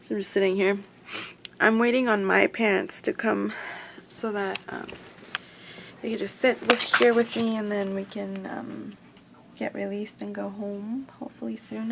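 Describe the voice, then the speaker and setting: A young mother filming a casual hospital vlog in a hospital room, speaking softly and tiredly from lack of sleep, on a handheld camera. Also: fairly high pitch, vocal fry, a little hiss or hum, poor audio. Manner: soft, hushed, tired. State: sleep-deprived. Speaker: vlogger and mother.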